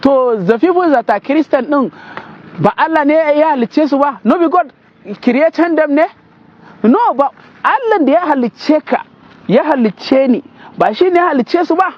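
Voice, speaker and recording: A man's voice: very high voice, expressive, normal speed. A Nigerian man commenting on a clip, translating it line by line and scolding indignantly. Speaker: political commentator. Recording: dull lo-fi sound.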